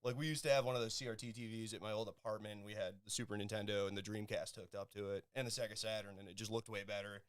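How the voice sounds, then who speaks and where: A man's voice: on the low side, fairly even intonation, fast talker, hardly any pauses, smooth. A man co-hosting a casual podcast, chatting in a laid-back way and swearing casually. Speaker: guest co-host.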